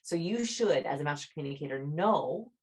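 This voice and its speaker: A young adult woman, a chatty author speaking as a podcast guest over a video call, animated and peppering her talk with "like". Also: brisk. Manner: animated, demonstrates her voice high and low; chatty, fillers like "like". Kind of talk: podcast interview.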